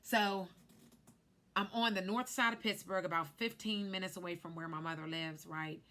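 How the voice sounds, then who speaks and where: A woman in her thirties, a life insurance agent, telling a personal story in an animated way on a vlog. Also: lowish voice, moderate pace. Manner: animated storyteller who acts out quotes.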